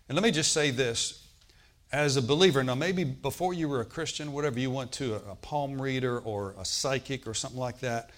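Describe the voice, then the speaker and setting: A man delivering a Bible sermon in a relaxed, conversational manner. He reads scripture aloud, then talks it through plainly, often pausing to check in with his listeners. He lifts his voice on emphatic points and drops back down afterwards. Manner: conversational preaching, frequent check-ins with the congregation; rises in pitch and volume on emphatic points, trails off quietly. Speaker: pastor.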